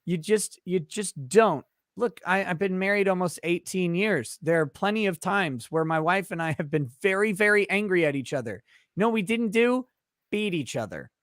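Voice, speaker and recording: A man's voice: high-pitched, animated, moderate pace, a bit bright, no room sound, clean studio sound. A middle-aged man hosting a casual live-stream chat, loose and joking, rambling with restarts. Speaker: host.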